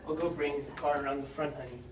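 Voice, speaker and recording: A teenage girl playing a joking young husband in a school skit, in a lowered mock-male voice. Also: steady tone, fast, close to an everyday voice. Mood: teasing. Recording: roomy far-off camera audio with noise.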